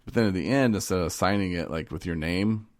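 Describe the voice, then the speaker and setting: A man's voice: low-pitched, brisk, darkish tone, no echo, clean studio sound. A man co-hosting a casual recovery talk show, telling stories with laughs and acting out phone calls in a rambling way. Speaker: podcast co-host. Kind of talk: casual chat.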